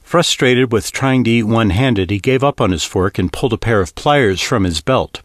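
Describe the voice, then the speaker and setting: A man narrating a science-fiction audiobook in an expressive, varied reading. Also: lowish voice, moderate pace, dry recording, studio quality.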